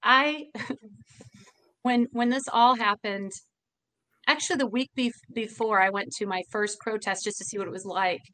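Woman, bar owner, earnest, heartfelt, highish voice, stumbles and restarts. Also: unhurried, pauses often, a bit bright. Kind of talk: emotional interview talk.

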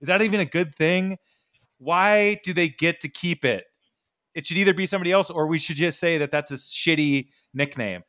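A man's voice: a little high, normal speed, fairly bright tone. A man hosting a sports podcast, ranting in mock anger with sarcastic jabs. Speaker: podcast host. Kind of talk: ranting casual chat.

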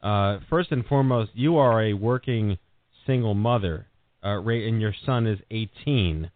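A man's voice: lowish voice, a little slow, no echo. A man hosting an interview, politely stepping in to steer the talk toward his questions. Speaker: podcast host. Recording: tinny phone-like line, dry.

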